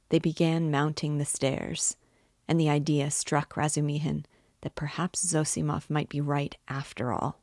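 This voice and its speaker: A woman reading a classic novel aloud in a measured, even way. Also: deep voice, no room sound, clean studio sound. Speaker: reader and guide.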